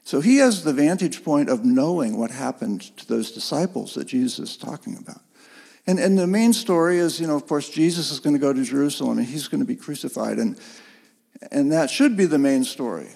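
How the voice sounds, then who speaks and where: Gravelly man preaching in a reverberant hall. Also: mid-range voice. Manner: earnest, gently emphatic preaching. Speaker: pastor. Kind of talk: sermon.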